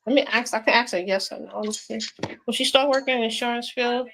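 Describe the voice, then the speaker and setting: Brief: high, bright woman, casual chatty tarot reader. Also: fairly even intonation, quick pace, slight background noise, low-quality recording. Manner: giggly, keeps breaking into laughter and apologizing; chatty, informal speech with fillers. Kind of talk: casual live tarot reading.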